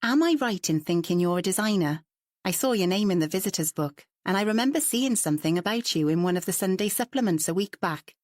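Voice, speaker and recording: A woman's voice: fairly low pitch, animated, brisk, darkish tone, no echo, studio quality, natural voice. A woman voicing a curious, outspoken woman painter who talks in a chatty, forthright way, in a storybook reading.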